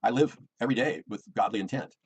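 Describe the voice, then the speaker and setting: A man's voice: on the low side, fast, slightly rough, low-quality recording. A middle-aged American man, rambling and defensive, repeating himself as he complains about his personal life. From United States.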